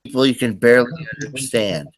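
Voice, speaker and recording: A man's voice: mid-range voice, a little fast, no room sound. A man hosting a live stream, chatting casually and rambling with lots of fillers and restarts. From US East Coast. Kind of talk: casual chat.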